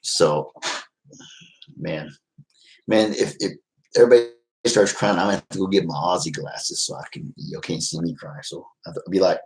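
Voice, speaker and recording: Deep-voiced man, casual streamer, rambling and sincere. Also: moderate pace, long pauses, a little mellow, poor audio. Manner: rambling and heartfelt, many fillers. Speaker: vlogger reading live chat. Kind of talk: casual livestream chat.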